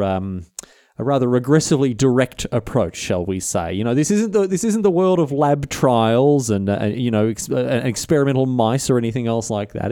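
Aussie bloke yarning about history, jokey, lively pitch, mellow dry voice. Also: male voice, dry recording. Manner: jokey, digressive, frequent restarts. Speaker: history presenter. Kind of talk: casual history storytelling.

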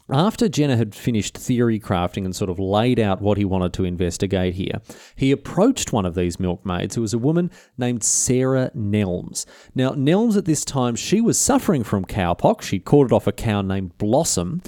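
A man's voice: mid-range voice, warm tone, dry recording, studio quality. A man telling a history story in a casual, jokey, digressive way. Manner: jokey, digressive, frequent restarts. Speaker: history presenter.

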